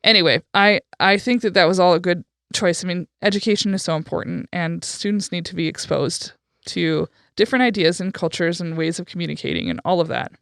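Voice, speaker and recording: Woman podcast host, frank chatty storyteller; smooth resonant tone, dry close sound. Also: fairly low pitch, a little fast, few pauses, fairly bright tone, no echo. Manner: chatty, frank, with frequent fillers and profanity. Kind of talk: casual conversational storytelling.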